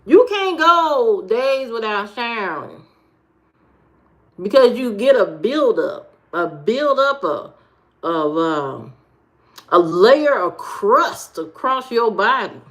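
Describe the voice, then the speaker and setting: Woman livestreamer, slow comic rants, somewhat high voice. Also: sing-song, fairly bright tone. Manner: comic rants, greets viewers by name, repeats words. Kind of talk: casual livestream chat.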